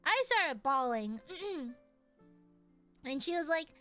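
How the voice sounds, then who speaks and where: A woman's voice: high-pitched, big pitch swings, slow, bright, forceful tone, soft background music. A young woman streamer chatting casually into her mic, giggling often and swearing freely. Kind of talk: casual chat.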